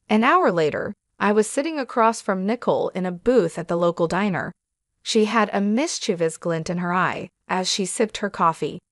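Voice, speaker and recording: A woman narrating a first-person family drama in a steady, even reading. Her voice sits in a middling range and is recorded very dry and close, with no room sound. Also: mid-range voice, normal speed, no echo.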